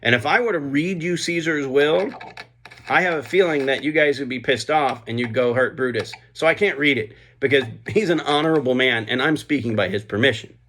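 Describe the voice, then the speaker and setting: A man's voice: medium pitch, fairly quick, a bit bright, lightly acted. A man voicing a scheming male Roman orator who sways a crowd with mock-innocent persuasion. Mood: sly persuasive.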